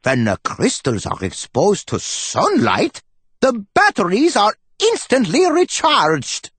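A man's voice: high voice, huge pitch swings, takes it slowly, husky, dry recording, pitched above the performer's own voice, full character voice. A man voicing a kindly old male mouse professor and inventor, speaking earnestly in an audiobook. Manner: warm, grinning, earnest. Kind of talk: audiobook character voice.

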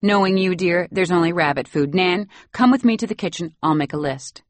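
An acid-tongued old society matriarch with a clipped Boston Brahmin accent, put on by a woman reading an audiobook. She talks down to everyone with dry sarcasm, in a voice pitched a little above the reader's own low tone. The recording is close and dry. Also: a little fast, no echo, lightly acted. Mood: haughty. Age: over 60. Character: haughty elderly upper-class grandmother. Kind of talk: audiobook character voice.

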